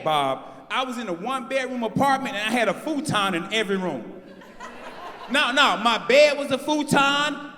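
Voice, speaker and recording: A bright, high-pitched man in his forties works the crowd with brash stand-up, punching his jokes and shouting the big lines. His voice rings with a long hall reverb from a live stage mic, with a faint hum of the venue behind. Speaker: stand-up comedian.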